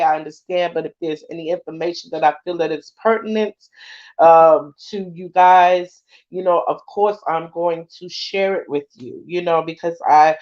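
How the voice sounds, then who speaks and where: A woman's voice: on the low side, darkish tone, dull audio. Emotional, earnest woman card reader. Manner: emotional and earnest, keeps asking if you follow. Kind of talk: casual livestream talk.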